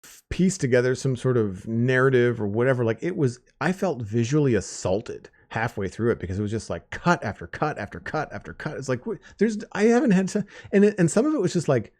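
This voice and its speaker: A man's voice: medium pitch, sing-song, brisk, darkish tone. Chatty man hosting a podcast roundtable. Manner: rambling, with frequent restarts and "like". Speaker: podcast host. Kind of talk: casual roundtable chat.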